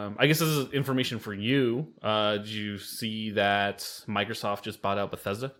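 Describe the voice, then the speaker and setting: A man hosting a casual podcast, talking in animated bursts with plenty of fillers, restarts and swearing. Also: fairly low pitch, normal speed. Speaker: podcast host and game master.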